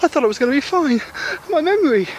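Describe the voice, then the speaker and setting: A woman's voice: sits high, sing-song, quick pace, darkish tone, a little hiss or hum, low-quality recording. A woman playing a frightened, confused man. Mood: panicked. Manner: breathless, panicky, tearful pleading. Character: confused frightened man losing his memory. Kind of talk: amateur audio drama.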